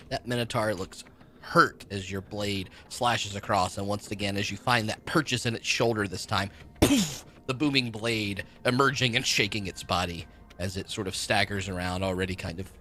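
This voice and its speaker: A man narrating as game master of a tabletop game, relaxed and descriptive with plenty of fillers. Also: on the low side, normal speed.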